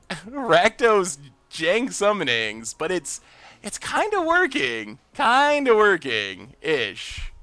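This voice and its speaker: A man hosting a live game stream, thinking out loud about his plays and bursting into loud cheers when things go his way. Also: high voice, wildly swooping pitch, slow, no room sound. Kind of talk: live gameplay commentary.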